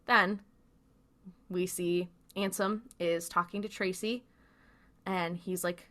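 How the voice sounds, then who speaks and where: A woman's voice: fairly low pitch, fairly even intonation, slow, long pauses, a bit bright. A woman podcast co-host casually recapping a TV episode, chatty, with lots of fillers. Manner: chatty, filler-heavy retelling with quoted lines.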